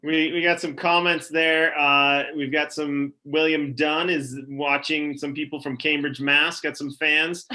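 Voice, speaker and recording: A man's voice: a little high, little pitch movement, unhurried, few pauses, bright, forceful tone. A man in his forties hosting a live-streamed story event, upbeat and casual as he reads out audience comments. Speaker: event host.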